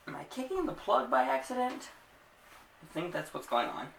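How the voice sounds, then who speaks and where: A man's voice: very high voice, sing-song, moderate pace, vocal fry, a bit bright, a little hiss or hum. A young man vlogging a casual storytime to camera, laughing often and acting out the scenes as he tells them.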